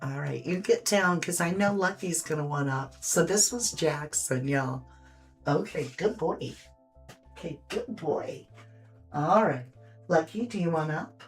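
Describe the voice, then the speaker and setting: A woman's voice: low voice, expressive, normal speed. A woman hosting a live painting stream, chatting casually, reading viewer comments aloud and fussing over her dogs. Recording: faint background music.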